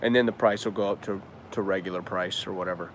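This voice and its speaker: A man's voice: sits low, fairly even intonation, quick pace, slight background noise. A man hosting a casual live stream and answering viewer questions in a loose, slangy way, cussing freely. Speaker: business owner and trainer hosting a live stream.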